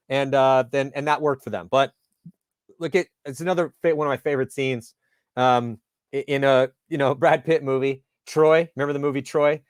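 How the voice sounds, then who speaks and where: A man hosting a casual sports interview, chatty and animated, telling stories in casual slang. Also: mid-range voice, normal speed, smooth, no echo, clean studio sound.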